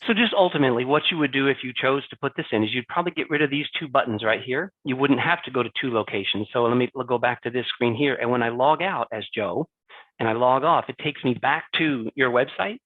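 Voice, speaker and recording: A man explaining a software demo in a plain, explanatory way. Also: mid-range voice, fast, no echo. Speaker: software presenter. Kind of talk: product demo. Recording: tinny dry call audio.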